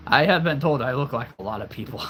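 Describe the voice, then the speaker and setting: Slow-talking man streamer losing his voice. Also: mid-range voice, pushed and bright, slight background noise. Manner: chatty, laughs often, friendly with viewers. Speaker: livestream host. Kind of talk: casual live chat answering viewers.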